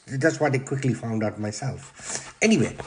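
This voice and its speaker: A man with a Yorkshire accent hosting a comic cooking demonstration, brash and deadpan, swearing constantly as he talks through the steps. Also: medium pitch, moderate pace, slight background noise. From Yorkshire, England. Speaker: cooking show host.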